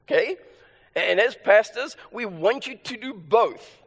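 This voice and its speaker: Male pastor, high voice, emphatic sermon delivery, long hall reverb. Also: animated, a little slow, fairly bright tone. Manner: emphatic, repeats key phrases.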